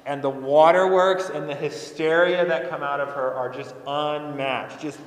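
A man's voice: fairly high pitch, steady tone, a little slow. A young man, a pastor, preaching a sermon in an earnest, conversational way and repeating phrases for emphasis. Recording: echoey hall with long reverb.

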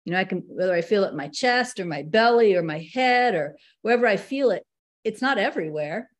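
A woman teaching spiritual practice in a casual, conversational way, laughing easily and slowing down to read passages aloud. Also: mid-range voice, animated.

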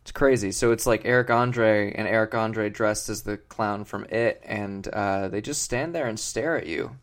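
A man co-hosting a comedy podcast, rambling on in a mock-earnest, deadpan way with many fillers. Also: fairly low pitch, moderate pace. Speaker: podcast co-host.

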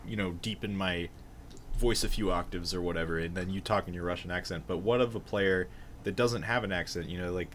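A man's voice: sits low, steady tone, brisk, a bit bright, slight background noise. A man talking about role-playing in casual podcast chat, hesitant and restarting often. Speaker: player.

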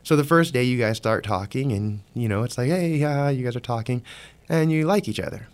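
Man, host, conversational, addresses listener directly, mid-pitched voice. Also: fairly quick. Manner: acts out quoted voices; conversational, talks straight to the listener. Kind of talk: monologue.

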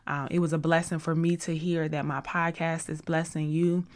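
Woman, podcast host, casual faith talk, rambling and effusive, lowish pitch. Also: level tone, normal speed. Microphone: studio podcast mic.

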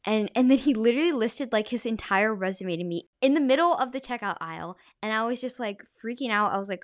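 A woman's voice: on the high side, lively intonation, fast talker, few pauses, no echo, clean studio sound. A young woman hosting a podcast, telling a story in a casual, chatty way with plenty of "like" fillers. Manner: chatty, filler-heavy retelling with frequent "like". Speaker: podcast host.

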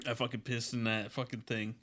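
A man's voice: mid-range voice, flat delivery, a little fast, fairly bright tone. A man co-hosting a podcast, telling a rambling, crude story in casual chat and laughing at it. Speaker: podcast co-host.

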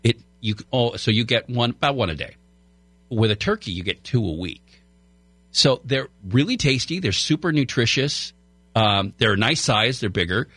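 A man's voice: medium pitch, expressive, moderate pace, a bit bright, dry recording. A man talking on the radio as a guest food host, in a rambling way with many fillers and restarts, in a radio studio. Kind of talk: casual radio chat. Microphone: studio microphone.

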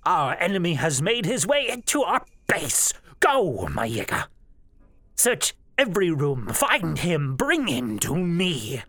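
A man voicing a shrill, theatrical male clan master who barks orders, sometimes in a raspy whisper. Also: huge pitch swings, slow pace, a bit bright, a little hiss or hum, full character voice. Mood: frantic commanding.

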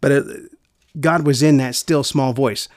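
A man preaching a sermon in an earnest way, repeating key phrases and going soft for quiet lines. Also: mid-range voice, steady tone, a little slow, dry recording, clean studio sound.

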